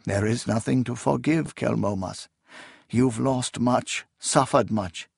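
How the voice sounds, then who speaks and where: A man voicing a loyal sorcerer, an old friend of a dying king, speaking gently and soothingly. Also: mid-range voice, slow pace, creaky, slightly rough, no room sound, studio quality, full character voice. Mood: tender. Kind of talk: audiobook character reading.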